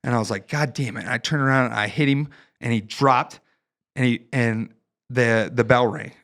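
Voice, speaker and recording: A man from Ohio in his thirties, a podcast guest casually telling war stories in a profane, animated way, acting out the voices of the people in his stories. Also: mid-range voice, moderate pace. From Ohio, United States. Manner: profane, animated storytelling with acted-out quotes. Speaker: podcast guest, fighter and Marine veteran. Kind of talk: casual storytelling chat.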